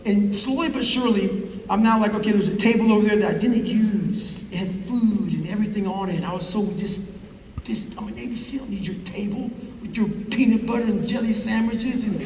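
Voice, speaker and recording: High-pitched man cursing through a story on stage. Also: normal speed, darkish tone, a little hiss or hum. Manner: profane, intense storytelling. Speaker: motivational speaker. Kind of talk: live storytelling talk on stage. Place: large hall with a live crowd. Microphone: stage speech heard from the crowd on a fan's camera. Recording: roomy, far-off hall recording from the crowd.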